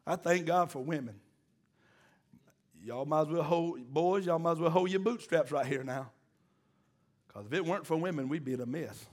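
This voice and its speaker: A man delivers a sermon. His voice sits high for a man, and he calls out to the congregation for answers and jokes with them in a homespun way. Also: normal speed, pauses often. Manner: call-and-response exhorting, folksy and joking. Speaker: preacher.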